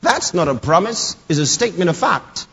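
A man with a high, husky voice preaches in emphatic bursts, repeating scripture lines and driving them home. The recording is dull and lo-fi, with the long reverb of a large church hall around him. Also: very animated, moderate pace, a bit bright. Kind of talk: sermon.

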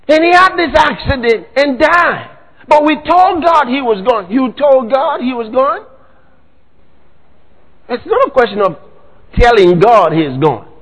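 A man preaching a sermon, dramatic, bursting into sudden shouts. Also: extremely high pitch, big-room sound, poor audio.

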